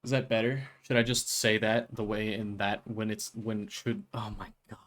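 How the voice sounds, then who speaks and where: A man streaming a video game, chatting casually in a rambling, joking way, stumbling over his words and breaking into loud excited bursts. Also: fairly low pitch, moderate pace, a little hiss or hum.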